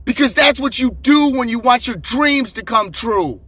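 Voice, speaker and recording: Fired-up man preaching hustle with a high, piercing voice. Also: expressive, normal speed, hardly any pauses, no echo. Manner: intense, swearing, shouting bursts. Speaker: motivational vlogger. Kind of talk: ranting motivational monologue. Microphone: phone camera.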